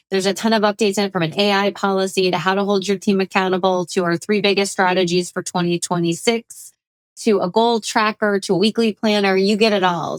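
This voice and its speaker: A woman hosting a podcast, introducing the episode and pitching courses in an upbeat sales manner. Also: no room sound. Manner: upbeat sales pitch, urging listeners to act. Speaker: podcast host. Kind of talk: promotional intro and outro.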